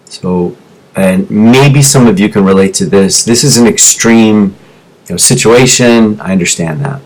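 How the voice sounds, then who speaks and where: A man in his forties, a former music teacher, giving a motivational talk to teachers over a teleconference. He tells his story with feeling, dropping low and quiet in the painful parts and rising for emphasis. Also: unhurried, low-quality recording. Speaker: teacher turned business coach. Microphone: teleconference microphone.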